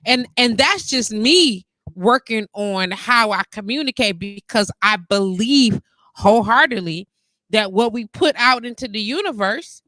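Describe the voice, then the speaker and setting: Female live-show host, fairly high pitch, lively and talkative. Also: unhurried, no echo. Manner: animated, repeats "you get what I'm saying". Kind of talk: casual live-stream chat.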